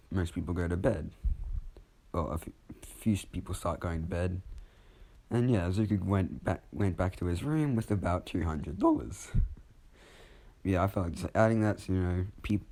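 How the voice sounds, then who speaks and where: A man's voice: sits low, warm tone. A man telling a fan story off the cuff, rambling casually and correcting himself as he goes.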